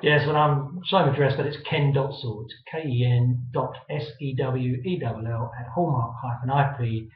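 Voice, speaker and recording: Man guest, flat matter-of-fact delivery, distant and roomy, phone-thin audio. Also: medium pitch, normal speed, hardly any pauses, highs cut off, slight background noise. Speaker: trademark advisor guest. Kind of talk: giving contact details.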